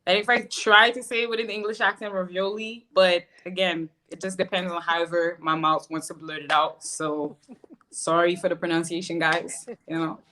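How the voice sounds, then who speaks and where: A woman from France with a clear French accent talks casually on a podcast panel. Her voice is bright and forward, sitting slightly low for a woman. She is easygoing, almost apologetic, about how her words come out. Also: flat delivery, normal speed. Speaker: podcast co-host. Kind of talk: casual chat.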